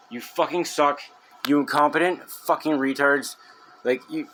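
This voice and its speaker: A young man ranting angrily to camera about a game, swearing heavily, with loud outbursts. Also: fairly high pitch, normal speed, a little hiss or hum. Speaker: gamer venting on video. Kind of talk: angry rant to camera.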